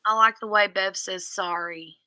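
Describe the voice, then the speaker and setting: A woman's voice: mid-range voice, steady tone, normal speed, sharp tone, no echo. A woman co-hosting a casual live craft stream, chatting playfully and reading out viewer comments, a little sleepy after a big meal. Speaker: livestream co-host.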